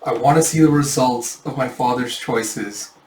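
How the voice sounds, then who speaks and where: A man's voice: moderate pace, darkish tone, slight background noise, natural voice. A man doing an earnest young princess. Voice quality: earnest, raised pitch. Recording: echoey, distant mic.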